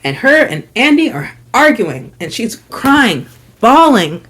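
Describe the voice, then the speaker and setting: A woman's voice: a little high, slow pace, breathy edge. A young woman vlogger telling a storytime tale, frank and gossipy, swearing freely and acting out quotes. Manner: animated storytelling with acted quotes. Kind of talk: storytime vlog.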